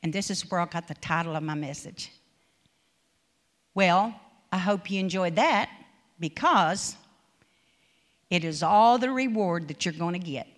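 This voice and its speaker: Woman preaching in a storytelling way. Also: mid-range voice. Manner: conversational, retells stories with quoted speech. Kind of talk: sermon with storytelling.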